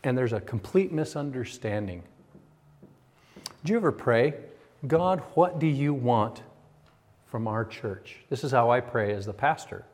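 A middle-aged male pastor delivering a sermon in a mid-pitched voice. He builds to emphatic, raised passages, then drops to a quiet, confiding tone. Mostly spoken at an even, steady pace. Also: unhurried, pauses often.

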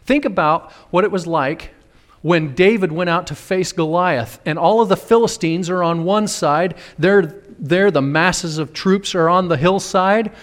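A man's voice: high-pitched, a bit bright. A man preaching a sermon as a pastor, fervent and dramatic, acting out the voices he quotes. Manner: fervent, acts out quoted voices with big swings. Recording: long reverb of a large hall.

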